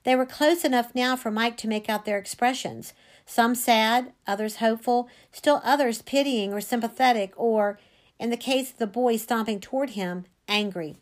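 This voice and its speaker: A woman's voice: a little high, moderate pace. A woman, a teacher reading a novel aloud to a class, reading expressively and dramatically with small slips.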